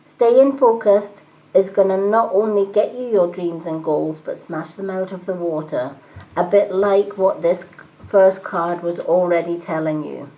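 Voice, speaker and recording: A woman doing live-stream tarot readings, talking calmly and reassuringly and greeting viewers by name. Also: lowish voice, measured pace, lo-fi sound. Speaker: tarot reader and medium.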